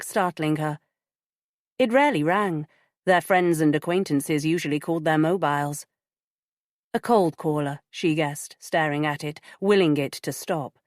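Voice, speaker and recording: A woman narrating an audiobook in a measured, even storytelling manner. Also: sits low, no echo, studio quality. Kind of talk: scripted narration.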